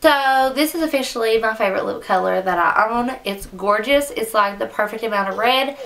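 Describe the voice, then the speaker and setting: A young beauty vlogger reviews makeup in her home makeup room, chatty and gushing and saying "like" often. Her fairly high, fairly bright voice is brisk, and she's far from the mic.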